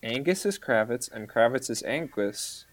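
Podcast co-host, very lively pitch, jokey mock-indignant delivery. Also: moderate pace. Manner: animated, joking, mock-outraged. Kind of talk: casual fan podcast chat.

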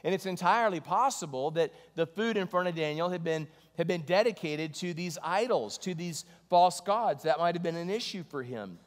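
Animated male preacher in a reverberant hall. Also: high-pitched, normal speed, few pauses. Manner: animated storytelling, jokey asides. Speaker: pastor. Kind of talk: sermon.

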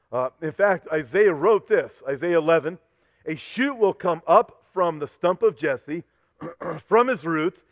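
A man's voice: high-pitched, dry recording, lo-fi sound. A male pastor preaching a fervent sermon, quoting scripture and losing his voice.

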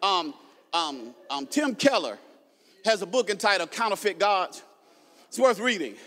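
A man preaching a sermon from a stage, animated, breaking into shouted emphasis and stumbling through quick repeated restarts, with playful asides to the crowd. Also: high-pitched, in a large hall. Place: large hall with a stage.

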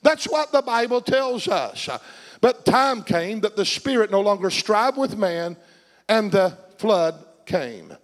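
A man preaching a sermon, swinging from shouted appeals to hushed, tender passages. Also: high voice, lively intonation, slow.

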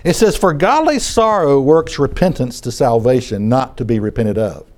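Man, preacher, sermon, chatty and repetitive, lively rising and falling voice. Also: medium pitch, moderate pace. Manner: conversational, repeats phrases, restarts. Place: in front of a congregation.

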